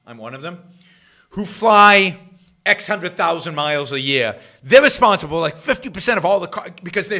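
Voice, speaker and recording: A middle-aged man hosting a political talk livestream, sarcastic and rambling, jumping between loud emphasis and quiet muttered asides. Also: on the high side. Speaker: host of a political talk show. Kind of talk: livestream commentary.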